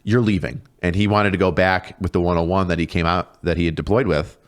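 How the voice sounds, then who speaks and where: A man's voice: low-pitched, fairly even intonation, brisk. A man in his thirties, a podcast guest telling casual, profane stories and acting out quoted voices. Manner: profane, laughing storyteller, acts out quoted voices. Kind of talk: casual storytelling chat.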